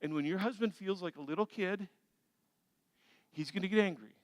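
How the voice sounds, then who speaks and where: A man preaching a sermon as pastor, animated and acting out little everyday scenes for the congregation. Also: sits high, normal speed, no room sound. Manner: animated, acts out little scenes with shifting energy. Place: large church sanctuary.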